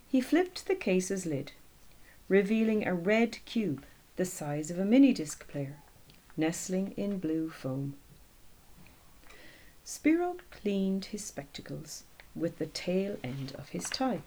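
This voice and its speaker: A woman narrating an audiobook, reading a novel aloud in a steady, measured way. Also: lowish voice, low-quality recording.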